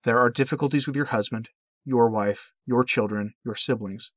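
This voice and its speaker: A man voicing a gentle, patient, motherly heavenly woman who speaks in calm, pleading exhortations. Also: medium pitch, normal speed, no echo, lightly acted. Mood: gently pleading.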